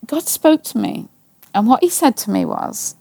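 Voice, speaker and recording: A woman sharing a personal faith story in a casual, earnest way. She repeats herself and acts out her own anxious prayers, often dropping to a hushed voice. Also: fairly high pitch, big pitch swings, moderate pace, creaky, dry recording. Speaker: Christian speaker.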